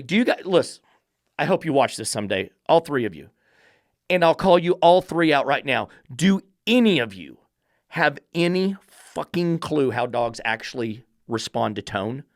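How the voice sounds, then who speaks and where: Profane fed-up dog trainer guy ranting on a podcast, kinda high voice, dead dry sound. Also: no echo. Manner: blunt, combative and profane, mocking falsetto baby talk. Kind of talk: opinionated podcast commentary.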